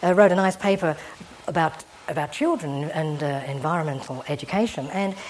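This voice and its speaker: A woman giving an evening public lecture to an audience, discursive and gently humorous in a wry way. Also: deep voice, expressive, fairly quick. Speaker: guest lecturer.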